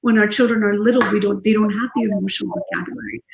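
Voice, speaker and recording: A middle-aged woman, a parenting expert, explaining her ideas calmly and gently in an interview, repeating her key phrases. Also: medium pitch, quick pace, creaky. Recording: echoey room.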